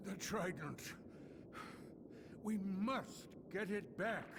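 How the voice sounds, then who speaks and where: Fussy crab adviser, high and gravelly, unhurried; noisy track. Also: male voice, expressive, heavily acted. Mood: fretful. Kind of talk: video game voice acting.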